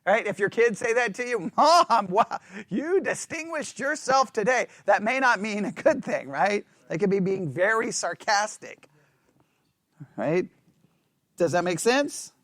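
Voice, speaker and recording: Male Bible study teacher with a high, animated voice and a dry close sound. He keeps checking in with his class and teases with self-mocking sarcasm. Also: unhurried, no echo. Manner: animated, checks in constantly with "right?".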